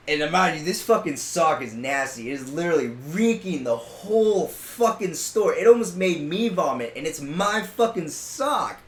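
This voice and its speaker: Profane, animated storytelling man. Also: high voice, moderate pace, few pauses, echoey room. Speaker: podcast co-host. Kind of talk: casual storytelling chat.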